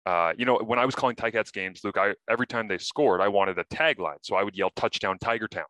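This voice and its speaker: Low-voiced animated sports broadcaster man. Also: fast, dry recording. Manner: animated storyteller, swears casually. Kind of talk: casual sports podcast chat.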